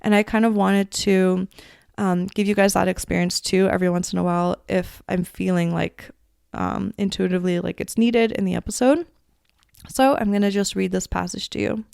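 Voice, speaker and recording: A woman's voice: mid-range voice, fairly even intonation, moderate pace, creaky, smooth, no echo. A woman hosting her own podcast, talking casually and effusively with lots of fillers. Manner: chatty, effusive, many fillers like "um" and "like". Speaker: podcast host. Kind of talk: casual solo podcast talk. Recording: dry close recording, soft music behind.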